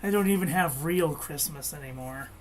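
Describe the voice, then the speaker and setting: A woman's voice: sits low, normal speed, a little hiss or hum. A woman chatting casually while she crafts at home, rambling and meandering, with frequent restarts. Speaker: crafting vlogger.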